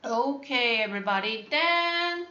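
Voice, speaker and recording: A woman teaching an English class online, speaking slowly, repeating words and checking that the students understand. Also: on the high side, animated, pushed and bright. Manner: slow, repetitive, checking understanding. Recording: muffled, echoey room.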